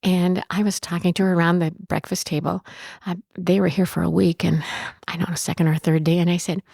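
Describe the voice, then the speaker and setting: A woman's voice: on the low side, little pitch movement, brisk, gravelly, a little mellow, no room sound, studio quality. A woman who owns a bed and breakfast, telling stories in an interview in a chatty way, with frequent restarts. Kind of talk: storytelling in an interview.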